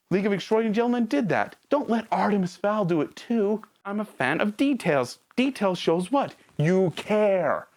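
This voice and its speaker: Animated sarcastic woman reviewing a movie. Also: on the low side. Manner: sarcastic, rhetorical questions; talks straight to the viewer. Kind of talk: casual video review.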